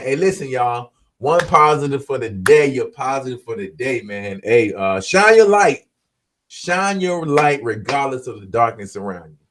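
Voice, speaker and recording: A podcast host with a medium-pitched, fairly bright voice talks casually to viewers in a laid-back, slangy way. He chats with live commenters and wraps up with an upbeat pep talk.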